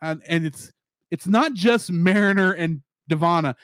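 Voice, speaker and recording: A man's voice: high-pitched, clear, resonant tone, no echo, studio quality. A man co-hosting a podcast, chatting casually about a TV episode and acting out bits of dialogue. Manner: animated, acts out character lines in quick voices. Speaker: podcast co-host. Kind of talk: casual review chat.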